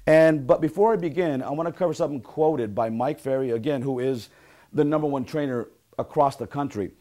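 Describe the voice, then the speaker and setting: A man's voice: mid-range voice, a little fast, warm tone. A man, a real estate sales coach, giving an upbeat motivational training talk and leading call-and-response affirmations.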